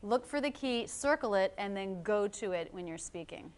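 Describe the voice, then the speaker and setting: A woman hosting an interview about pronunciation, encouraging and quick with short affirmations. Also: medium pitch, lively intonation. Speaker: host of an English pronunciation channel. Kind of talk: friendly interview.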